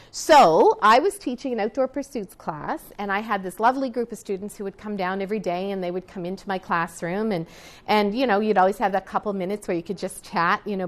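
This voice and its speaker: Chatty woman teacher telling a class story. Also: medium pitch. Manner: chatty, with frequent restarts and asides to the class. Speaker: teacher and etiquette counselor. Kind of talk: classroom talk, storytelling to students.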